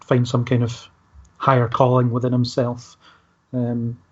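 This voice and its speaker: A man's voice: medium pitch, monotone, measured pace. A man hosting a casual film discussion, easygoing and hesitant, talking things through with fillers. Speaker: podcast host. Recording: dull lo-fi podcast audio.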